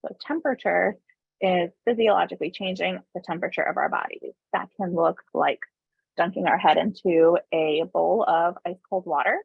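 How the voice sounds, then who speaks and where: A woman presenting a parenting webinar in a relaxed, conversational way, often adding tag questions. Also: lowish voice, normal speed, vocal fry, breathy edge, no echo. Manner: calm explaining tone, briefly voices parents and kids. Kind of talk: informal online presentation. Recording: tinny phone-like dry webinar audio.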